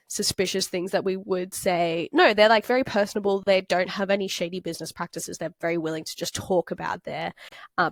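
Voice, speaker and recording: A woman's voice: medium pitch, a bit bright, dry recording. Young woman from Australia as a chatty tutor thinking aloud; plain mid-range voice, dry close mic. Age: young adult. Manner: chatty, thinks aloud with fillers and self-corrections. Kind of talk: talking through a worked example.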